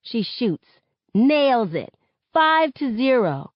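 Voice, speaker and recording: A woman reading a novel aloud in first person, with expressive narration. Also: fairly high pitch, slow, no room sound. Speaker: reader. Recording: dull, close, dry audio.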